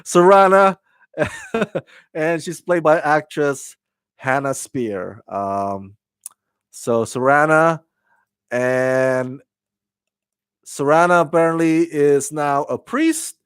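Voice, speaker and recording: A man's voice: on the high side, clear, resonant tone, no room sound. A man reviewing a TV episode in casual chat, rambling with many restarts and fillers and laughing at his own slips. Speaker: TV show reviewer.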